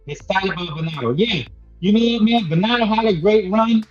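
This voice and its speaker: A man with a high voice holding forth as a boxing talk host, emphatic and preachy, and he keeps tossing in "man." The audio is dull and lo-fi, with faint music running underneath. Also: brisk. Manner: emphatic and preachy, repeats himself, peppers lines with "man". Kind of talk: casual boxing commentary monologue.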